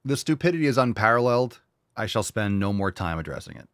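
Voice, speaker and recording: A man's voice: lowish voice, big pitch swings, fast talker, no room sound, clean studio sound. A man hosting a casual reaction show, talking bluntly and sarcastically with plenty of swearing. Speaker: show host.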